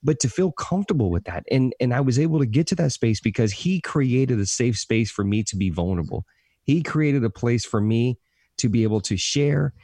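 A man's voice: medium pitch, creaky, dark tone, no echo, clean studio sound. A man speaking earnestly on a podcast, telling a personal story with emphatic repetition of key phrases. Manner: self-described positive motivational talker.

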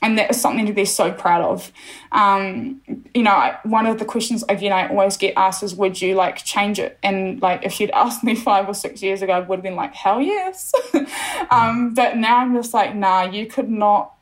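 A woman's voice: mid-range voice, steady tone, normal speed. Young woman, from New Zealand, bubbly, chatty, laughs a lot, interview guest. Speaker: podcast guest. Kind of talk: casual interview storytelling.

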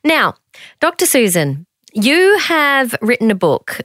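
A woman's voice: on the high side, big pitch swings, takes it slowly, fairly bright tone, no room sound, studio quality. A woman co-hosting a podcast, chatting in a bubbly, playful way. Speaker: podcast co-host. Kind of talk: casual chat.

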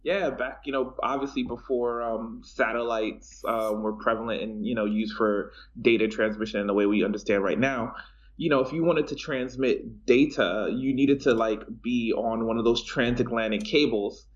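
A man's voice: mid-range voice, steady tone, moderate pace. A man co-hosting a podcast, explaining technology casually with lots of fillers. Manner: explains at length with many fillers. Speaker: podcast co-host. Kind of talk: casual tech chat. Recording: dull lo-fi home recording.

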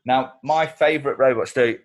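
A man's voice: mid-range voice, normal speed. A man co-hosting a podcast in casual chat, who laughs easily and talks with animation. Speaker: podcast co-host.

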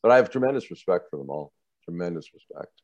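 Lo-fi audio with no echo captures a TV producer whose deep voice moves fast. Recounting his career stories in a relaxed interview, he gets animated, does voices for the people involved, and laughs frequently.

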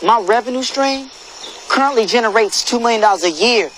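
An actor playing a brash, profane young rapper-turned-actor in a film comedy. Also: male voice, very high voice, fairly bright tone, a little hiss or hum. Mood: indignant. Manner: indignant, profane, quick-tempered.

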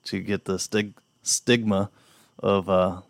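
Gravelly low-voiced guy rambling on a podcast, crude jokes, dry sound. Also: level tone, takes it slowly, dry recording. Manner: rambling, filler-heavy, joking. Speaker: podcast co-host. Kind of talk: crude casual podcast banter.

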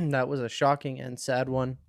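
A man co-hosting a podcast, chatting casually in a loose, profane, animated way. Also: medium pitch, normal speed, gravelly, dry recording, clean studio sound. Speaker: podcast co-host. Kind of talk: casual chat.

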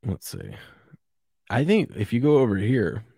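A man's voice: fairly low pitch, wildly swooping pitch, unhurried, gravelly, mellow, slightly rough, dry recording, clean studio sound. A man hosting a casual morning sports show, rambling and chuckling as he reads viewer comments. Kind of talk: casual live sports chat.

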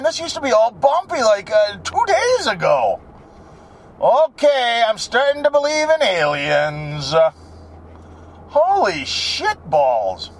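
A man rambling and joking while he drives his truck, swearing freely in a casual vlog. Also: very high-pitched. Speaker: vlogger. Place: inside a truck while driving.

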